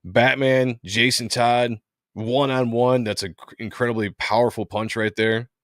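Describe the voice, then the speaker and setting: A man hosting a casual comic book livestream, chatting in a relaxed way and reading comic lines aloud. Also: mid-range voice, measured pace, dry recording, clean studio sound. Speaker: host.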